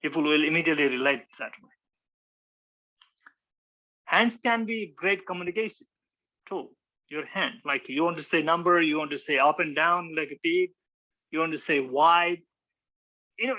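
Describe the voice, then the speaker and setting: A man's voice: a little high, pushed and bright, muffled recording. A man teaching a public speaking lesson, acting out examples with many restarts. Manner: demonstrative, acts out examples, frequent restarts. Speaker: public speaking club instructor. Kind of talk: informal teaching talk with slides.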